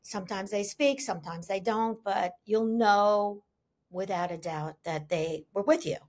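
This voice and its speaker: A woman speaking as an interview guest, telling stories in an animated, emphatic way, repeating her key phrases and acting out the dialogue she quotes. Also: medium pitch, unhurried. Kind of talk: conversational storytelling.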